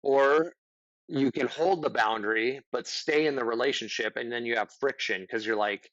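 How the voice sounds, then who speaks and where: Middle-aged guy rambling earnestly on a podcast, mid pitch, dead dry sound. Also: normal speed, fairly bright tone, dry recording, dull audio. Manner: earnest, rambling, acts out example dialogue. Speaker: podcast guest. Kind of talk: casual conversational advice.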